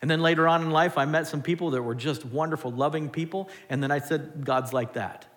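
A man preaching a sermon as pastor, animated, swinging between loud and hushed. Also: on the high side, fairly quick. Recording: long hall reverb.

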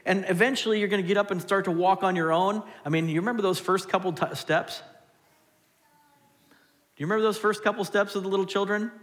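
A man preaching a sermon as pastor, animated, swinging between loud and hushed. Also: high-pitched, fast talker. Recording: long hall reverb.

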